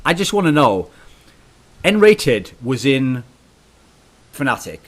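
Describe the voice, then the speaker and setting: A man hosting an esports talk show with a mid-pitched voice. He talks in an animated, teasing, mock-dramatic way as he presses his guest. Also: slow pace. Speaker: podcast host.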